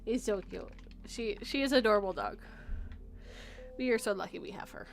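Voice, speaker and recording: A woman hosting a casual live-stream chat, talking in a playful, animated way and breaking off to coo at her dog. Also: mid-range voice, a little fast, vocal fry, faint music behind. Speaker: podcast host.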